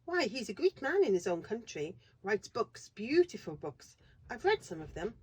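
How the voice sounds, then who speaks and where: A woman's voice: a little high, big pitch swings, normal speed, slightly rough, pitched above the performer's own voice. A woman reading aloud, voicing a composed, reassuring mother in a storybook. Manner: bright, reassuring.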